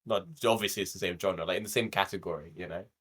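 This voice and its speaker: Laid-back low-voiced man chatting. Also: steady tone, fast, fairly bright tone. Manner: laid-back, laughing, swears freely. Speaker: podcast co-host. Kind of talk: casual review chat.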